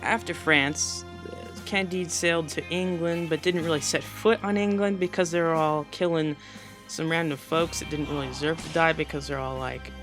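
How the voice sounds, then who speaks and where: A man's voice: on the high side, fairly even intonation, normal speed, music in the background. A teenage boy narrating a school presentation as a comedic voice-over, full of sarcastic, mocking asides. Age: teens. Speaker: student presenter.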